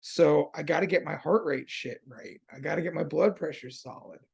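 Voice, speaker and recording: Laid-back gravelly man hosting a podcast. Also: fairly high pitch, normal speed, darkish tone. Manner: laid-back, slangy, swears freely. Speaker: podcast host. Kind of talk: casual conversation.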